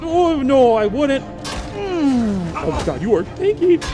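Male streamer, excitable play-by-play, lively pitch, slow delivery. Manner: loud excitable reactions, frequent exclamations and laughter. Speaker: gaming streamer. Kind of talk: excited gameplay commentary. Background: game music.

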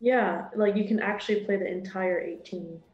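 A woman's voice: mid-range voice, steady tone, darkish tone, dull audio, faint music behind. Upbeat woman golfer in a roomy space. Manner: upbeat, competitive, quick reactions. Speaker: pro golfer playing an online match. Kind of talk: casual chat during a game.

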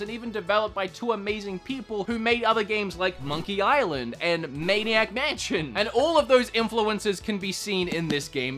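A man's voice: sits high, pushed and bright. A young man hosting a casual vlog, chatty and enthusiastic, laughing often as he talks. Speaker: YouTube game collector host.

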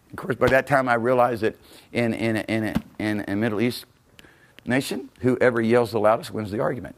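A man, a pastor, preaching a teaching sermon with animated storytelling, laughing often and breaking into shouts. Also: medium pitch, normal speed, background noise.

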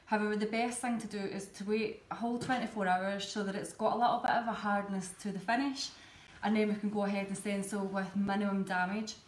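A woman's voice: mid-range voice, flat delivery, a little fast, few pauses. Chatty Scottish woman demonstrating cake stencils. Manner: chatty, explains step by step. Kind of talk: live tutorial demonstration. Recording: echoey room, faint background ambience.

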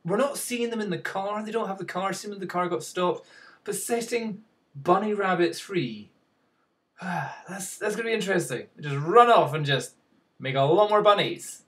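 A man's voice: sits high, normal speed, a bit bright, far from the mic. A man giving casual news commentary as a vlogger, rambling and wry, and chuckling often.

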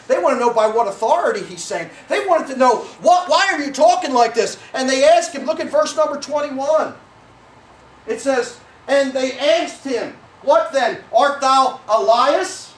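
A middle-aged man serving as pastor delivers a sermon in a church sanctuary in a very high, expressive voice at normal speed. He rambles and keeps correcting himself, with many fillers. The recording has roomy church sound from a distant mic.

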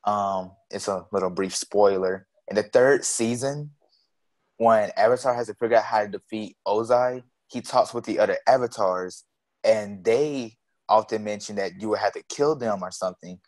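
A man with a fairly low voice co-hosts a writing podcast. He explains a story example in a relaxed, conversational way. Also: normal speed. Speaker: podcast co-host. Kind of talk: casual podcast talk on writing.

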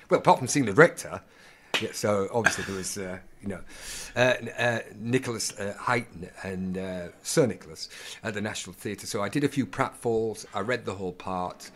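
A man's voice: lowish voice, fairly quick. A male actor telling stories in a casual interview, acting out the dialogue as he goes. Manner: animated storyteller acting out dialogue. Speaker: actor, podcast guest.

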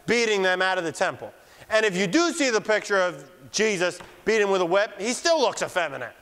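A man preaching a fiery sermon in church, mocking opponents and shouting for emphasis. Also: very high-pitched, clean tone. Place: church sanctuary. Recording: long church hall reverb.

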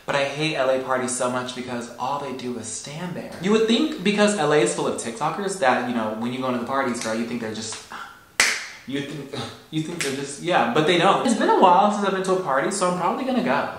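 A young man with a fairly high voice, talking to camera in a sassy, campy vlog, swearing freely. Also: expressive, quick pace, slight background noise. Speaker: vlogger. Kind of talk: casual vlog talk to camera. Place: Los Angeles, outdoors and at home. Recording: music playing behind.

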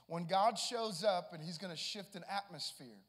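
A man preaching a sermon, moving from easy conversational talk to shouted exhortation. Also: high-pitched, normal speed. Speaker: pastor. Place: church sanctuary. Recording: long hall reverb with music. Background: live guitar and keys.

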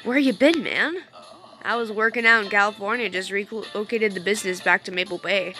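A woman's voice: mid-range voice, fairly quick, bright, forceful tone, faint music behind, natural voice. A woman voicing a friendly, easygoing young dad from a game, a buff guy who calls everyone dude and bro.

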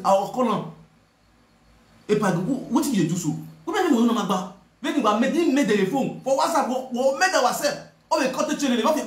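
The roomy recording captures a man whose voice sits high, speaking with a Nigerian Pidgin English accent. As an online video presenter, he addresses the camera in a confrontational, repetitive rant, scolding someone directly.

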